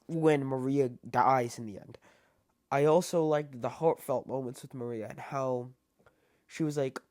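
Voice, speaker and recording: A man giving a casual spoken film review, halting and full of fillers and restarts. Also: mid-range voice, steady tone, a little mellow, no echo, studio quality. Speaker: movie reviewer.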